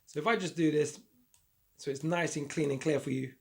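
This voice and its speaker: A man with a croaky throat teaches a trading lesson on screen, his voice gravelly with fry. He sits a touch higher than most men and keeps an upbeat, repetitive patter as he draws on the chart. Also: brisk. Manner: upbeat, repetitive, talks through drawing on charts. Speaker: trading educator.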